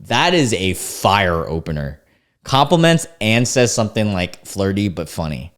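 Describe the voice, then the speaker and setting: A young man with a fairly low voice talks through screenshots in a relaxed, amused tone. He trips over words, restarts sentences and chuckles as he goes. It sounds like a casual chat with viewers. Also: a little slow, clear, resonant tone. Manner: laid-back, amused, reads chats aloud with restarts. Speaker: commentary host reading screenshots. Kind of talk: casual reaction commentary.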